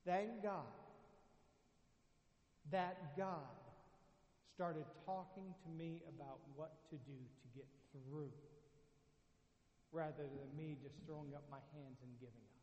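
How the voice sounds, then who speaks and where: A man's voice: a little high, slow pace, long pauses, a little mellow, echoey room, in a large hall. A man preaching as a pastor, telling a story animatedly and acting out his own lines. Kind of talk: sermon with storytelling.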